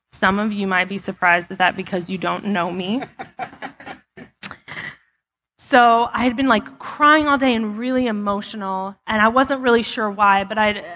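A woman's voice: mid-range voice, sharp tone. Candid woman preaching in a reverberant church. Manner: candid, chatty, many fillers. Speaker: church speaker. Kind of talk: personal testimony sermon. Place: church sanctuary. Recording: long hall reverb.

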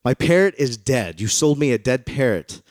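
A man's voice: medium pitch, sing-song, moderate pace, a little mellow, no echo, studio quality, close to an everyday voice. A man voicing an exasperated male customer complaining to a shopkeeper, insistent and incredulous.

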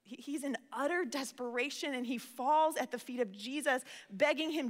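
A woman's voice: high-pitched, normal speed, hardly any pauses. A woman giving a sermon in an earnest, conversational way, often repeating words as she starts a phrase. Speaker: preacher. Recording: reverberant hall.

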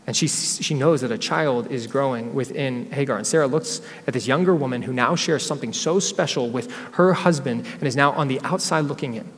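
A man's voice: medium pitch, fairly quick, hardly any pauses, a bit bright. A male pastor preaching a sermon, telling a scripture story and acting out what its people say. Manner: storytelling, acts out quotes from scripture figures. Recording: long reverb of a church hall.

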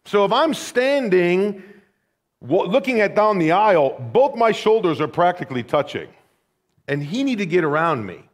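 This American pastor from Rockford, Illinois, near Chicago, preaches a sermon built around personal storytelling, keeping it conversational, wry and funny. His voice sits high and swings widely in pitch at a normal speed.

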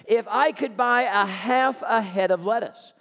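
A man's voice: high voice, unhurried, gravelly, a bit bright, exaggerated voice. A man voicing a polite little old woman shopper who speaks hesitantly. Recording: echoey hall reverb.

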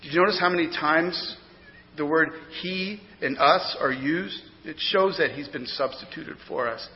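A man preaching a sermon as pastor, emphatic, swinging between loud declarations and hushed explanation. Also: on the high side, unhurried. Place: church sanctuary. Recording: dull lo-fi sound with long hall reverb.

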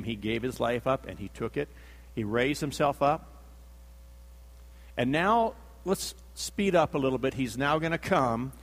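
Preacher man in a reverberant hall. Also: fairly high pitch. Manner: dramatic storytelling, acting out quotes, emphatic repetition. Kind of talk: sermon.

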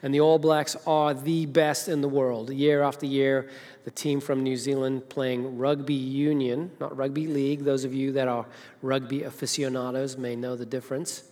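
A man's voice: medium pitch, flat delivery, moderate pace, darkish tone. A middle-aged man from Zimbabwe, a senior minister preaching a sermon in a chatty, storytelling way with filler hesitations. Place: large church hall. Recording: long reverb of a large church hall.

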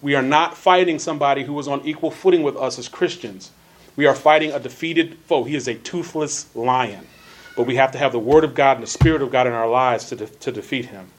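A man in a mid-range voice earnestly teaches a church Bible class. He reads scripture slowly with stressed words and repeats phrases for emphasis.

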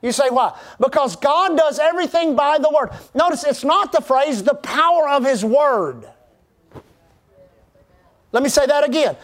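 A man's voice: very high-pitched, expressive, a little slow. A man preaching a sermon as pastor, fervent and rousing, asking the congregation to respond.

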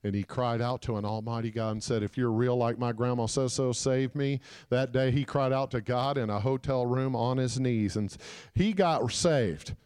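A man giving a sermon as a guest preacher, telling a story and calling out to the congregation, moving between loud shouts and hushed quiet. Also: medium pitch, steady tone, normal speed, smooth. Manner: calls out to the congregation.

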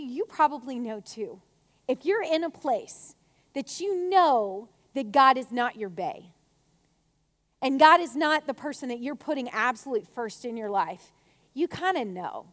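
A woman giving a chatty, animated faith talk to a women's gathering, telling stories with acted asides. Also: high-pitched. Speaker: speaker at a women's church gathering. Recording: long hall reverb.

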